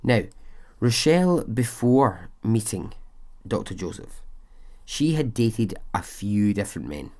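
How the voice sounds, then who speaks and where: A man's voice: lowish voice, sing-song, slow, a little mellow. A man hosting a podcast, narrating a true story casually with chatty asides and frequent fillers. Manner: chatty, conversational asides, frequent "you know".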